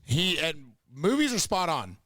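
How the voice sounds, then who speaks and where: A man from Texas, trading jokes and quick comebacks in casual podcast banter. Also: fairly high pitch, very animated, sharp tone, no echo, clean studio sound. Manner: joking, teasing, quick comebacks. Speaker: podcast co-host.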